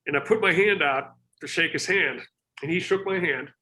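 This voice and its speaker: Man, bright voice, somewhat high, hesitant, earnest, video call guest. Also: moderate pace. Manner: hesitant, many restarts and fillers, earnest. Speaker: podcast guest. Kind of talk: casual interview over video call.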